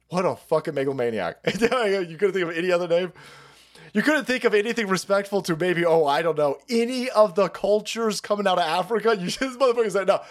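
A man hosting a livestream, ranting in profane, sarcastic commentary and laughing between his lines. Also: high voice. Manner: sarcastic, swears constantly, laughs mid-sentence. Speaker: livestream host.

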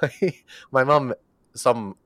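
A man's voice: medium pitch, takes it slowly, fairly bright tone, dry recording. A man from Bradford hosting an interview, reflective and hesitant, with many fillers. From Bradford, England. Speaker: podcast host. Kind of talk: conversational interview.

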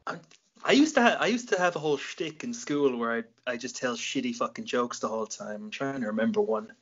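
A man's voice: mid-range voice, expressive, brisk, breathy edge, muffled recording. A young Irish man hosting a casual late-night podcast, swearing freely and laughing at his own jokes. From Ireland. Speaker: podcast host.

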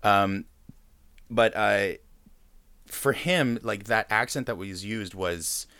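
A man with a deep, resonant voice leads a casual talk in a dry, close-miked sound. He speaks thoughtfully, pausing often and circling back as he builds his point. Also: sharp tone, clean tone, dry recording. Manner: thoughtful, hesitant with many fillers. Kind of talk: casual discussion.

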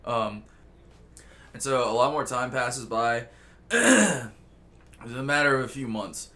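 A man's voice: medium pitch, animated, slow, pushed and bright. A male podcast host telling a rambling story in casual chat, joking and swearing constantly. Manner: rambling, profane and jokey.

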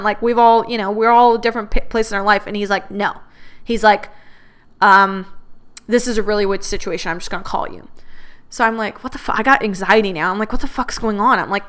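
A young adult woman telling a personal story in a candid, expressive way, swearing freely and quoting others in her own voice. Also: fairly high pitch, a little fast. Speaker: podcast host. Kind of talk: casual storytelling.

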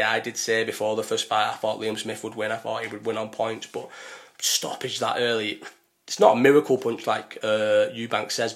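A young man talks in loose, opinionated podcast chat. He swears often and keeps breaking off and restarting his sentences. His voice sits a little low. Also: a bit bright. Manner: blunt, opinionated, swears freely, many restarts. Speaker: podcast co-host. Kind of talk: casual chat.

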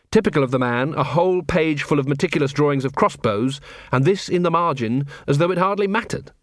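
A man reading an audiobook in a wry, expressive storytelling manner, recorded in a studio. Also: on the high side, dry recording. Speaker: audiobook narrator.

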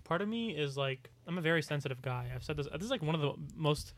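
A man's voice: fairly high pitch, lively intonation, fast. A young adult man co-hosting a podcast, rambling casually with lots of fillers and frequent swearing. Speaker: podcast co-host. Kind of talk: casual chat.

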